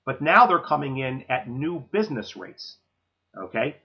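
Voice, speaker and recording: A man with a husky, slightly rough voice talks through a sales training session. He coaches in a direct, no-nonsense way and keeps checking in with his listeners. The recording sounds muffled and lo-fi. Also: medium pitch, very animated, normal speed. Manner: direct coaching, frequent "okay?" check-ins.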